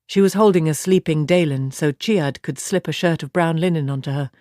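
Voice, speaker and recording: A woman narrating an audiobook in an even, steady storytelling voice. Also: deep voice, a little fast, dry recording, clean studio sound.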